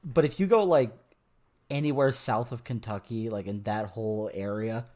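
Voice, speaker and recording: A young man from the northern United States co-hosting a casual movie podcast, easygoing and quick to laugh. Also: mid-range voice, dark tone. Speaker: podcast co-host. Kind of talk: casual chat.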